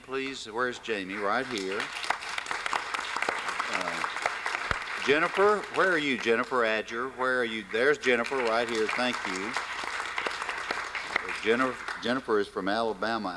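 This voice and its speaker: Low-voiced older man with an Arkansas accent. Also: sharp tone. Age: 60s. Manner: folksy, halting with frequent fillers. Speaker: event host. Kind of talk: welcoming speech to a live audience.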